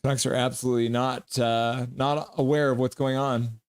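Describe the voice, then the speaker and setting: A man hosting a live stream, reacting to a game and joking with his chat in an animated way. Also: mid-range voice, moderate pace, smooth, no echo.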